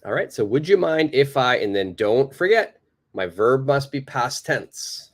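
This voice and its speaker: Slow, lively-voiced male English teacher. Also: medium pitch. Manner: patient, slow and clearly spoken, repeating example sentences. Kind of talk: live online English lesson.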